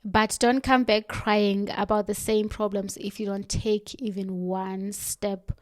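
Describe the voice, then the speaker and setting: A woman giving a motivational self-help talk, earnest and direct, slowing down for firm emphasis. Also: medium pitch, level tone, dry recording, clean studio sound.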